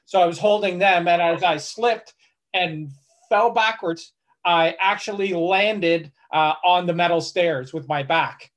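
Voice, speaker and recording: Male travel blogger guest, chatty storyteller, restarts and fillers, slightly higher voice. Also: measured pace. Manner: animated, many restarts and fillers. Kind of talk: conversational storytelling.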